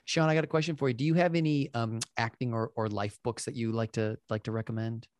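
A man's voice: mid-range voice, fairly even intonation, quick pace, no room sound. A man hosting a podcast, chatting loosely and rambling with lots of fillers as he asks a guest questions. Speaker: podcast host. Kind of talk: casual interview chat.

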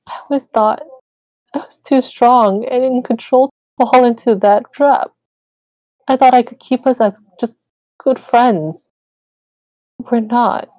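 A woman reading aloud voices a shaken, tearful young woman in a higher, tremulous voice. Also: takes it slowly, long pauses, warm tone, no room sound, muffled recording. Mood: tearful, despairing.

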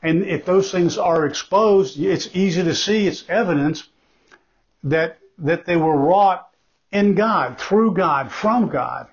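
A man's voice: sits high, slow, slightly rough. A man preaching a sermon as pastor, earnest and emphatic, repeating key phrases for weight. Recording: dull lo-fi recording.

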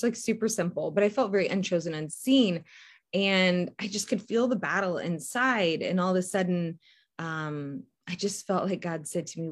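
A woman hosts her own podcast alone and talks to listeners as if to friends. Her voice sits on the low side. She rambles, circles back on her words and laughs softly as she goes. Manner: chatty and rambling, with restarts and soft laughs. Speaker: podcast host and faith coach. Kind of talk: casual solo podcast talk.

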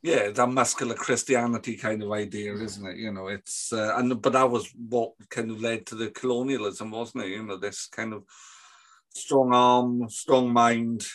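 A man on a casual film podcast over a remote call, thoughtful and measured. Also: mid-range voice, steady tone, fairly bright tone.

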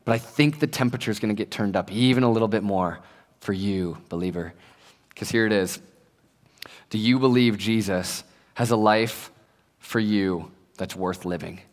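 A man's voice: on the low side, moderate pace, big-room sound. A young man preaching a casual sermon to a youth group, chatty and joking, acting out the voices he quotes. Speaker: pastor.

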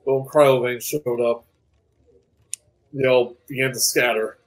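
A man runs a tabletop game, narrating in a casual, halting way full of small pauses. His voice sits in an ordinary middle range. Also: mid-range voice, fairly even intonation, low-quality recording. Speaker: game master.

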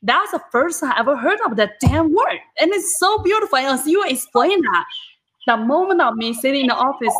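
A woman hosting a video-call interview, talking in an animated, exclaiming way with casual swearing. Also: sits high, fairly quick. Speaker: podcast host.

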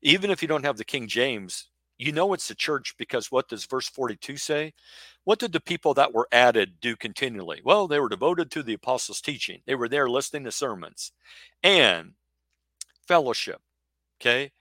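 Man, middle-aged, preacher; forceful bright tone, close dry sound, rhetorical sermon delivery. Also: medium pitch, expressive, a little fast, no room sound. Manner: emphatic, rhetorical, acts out imagined questions. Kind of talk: sermon-style Bible teaching.

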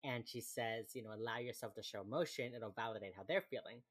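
A woman's voice: extremely low pitch, a little fast, breathy edge. A young woman co-hosting a podcast, casually recapping a TV episode, chatty and laughing often as she acts out the characters' lines. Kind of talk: casual chat.

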